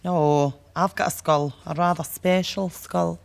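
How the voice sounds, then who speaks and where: A dotty old Scottish fortune teller. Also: female voice, fairly low pitch, steady tone, a little slow, vocal fry. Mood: mysterious. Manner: vague, theatrical, mysterious.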